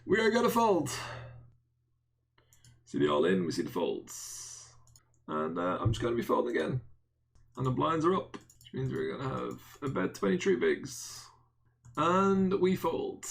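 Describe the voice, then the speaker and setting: A man's voice: medium pitch, creaky. A man with an Irish accent giving casual live-stream poker commentary, bantering and answering chat with self-mocking jokes and the odd swear word. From Ireland.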